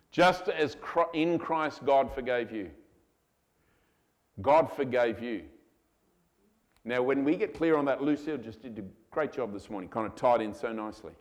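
A male pastor preaching a sermon to his congregation, animated and given to acting out voices. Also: medium pitch. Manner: animated, acts out voices of God and children. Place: church hall.

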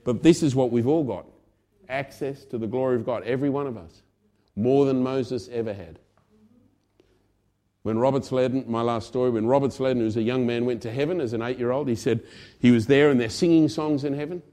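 With a medium-pitched voice at a fairly quick pace, a male pastor delivers a sermon in a conversational style, shifting from loud emphasis to quiet asides.

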